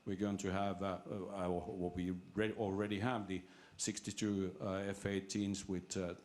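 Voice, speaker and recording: Man, low voice, halting audience question full of fillers. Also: little pitch movement, a little mellow. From Finland. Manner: halting, many restarts and fillers. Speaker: audience member asking a question. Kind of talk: seminar question from the floor.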